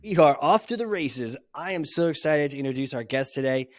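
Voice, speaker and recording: A high-energy man hosting a podcast, bouncing through playful banter and casual swearing. His voice sits fairly high, and it comes through close and dry with faint music behind it. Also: lively intonation, brisk, no echo. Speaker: podcast host.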